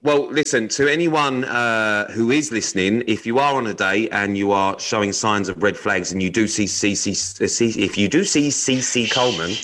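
A man with a fairly low-pitched voice, talking casually on a podcast. He is blunt and jokey and swears freely, whether he is chatting or reading out quirky news stories. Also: moderate pace, hardly any pauses, fairly bright tone, low-quality recording. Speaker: podcast co-host. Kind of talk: casual chat, reading news items aloud.

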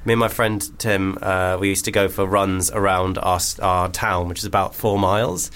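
A man's voice: deep voice, fairly even intonation, normal speed, a bit bright, smooth. A man, co-hosting a casual comedy radio show and telling rambling, self-mocking stories in a studio.

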